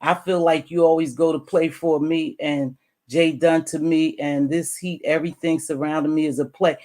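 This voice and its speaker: Blunt, animated middle-aged woman commentator. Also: normal speed. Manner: blunt and animated, swings high and loud when making a point; calls the listener "baby", curses freely. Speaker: YouTube commentator. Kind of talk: direct-address commentary vlog.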